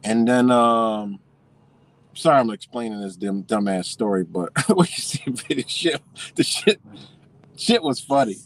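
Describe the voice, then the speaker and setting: A man casually telling a story as a vlogger, swearing freely and animated as he talks. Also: medium pitch, a little slow.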